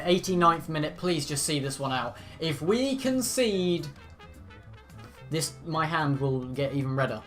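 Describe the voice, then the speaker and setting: A man giving live reaction commentary as a football fan, calling the play and bursting into shouts at the players. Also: a little high. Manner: play-by-play narration mixed with rants.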